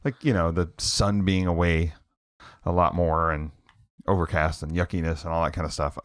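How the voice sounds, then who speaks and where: A man's voice: low-pitched, level tone, moderate pace, dry recording. A man co-hosting a gaming podcast, chatting casually and trailing off with fillers like "anyway". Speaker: podcast co-host. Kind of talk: casual chat.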